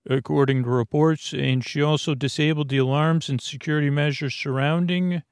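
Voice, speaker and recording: A man voicing a bumbling male field reporter who rushes a live report and keeps getting flustered. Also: on the high side, fairly even intonation, clear, resonant tone, dry recording, studio quality, natural voice. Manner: rushed, flustered newsreader delivery.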